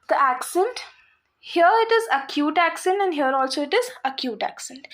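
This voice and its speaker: A woman teaching a French lesson to beginners, patiently repeating words and spelling out endings. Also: high-pitched. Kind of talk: slow explanatory lesson for beginners.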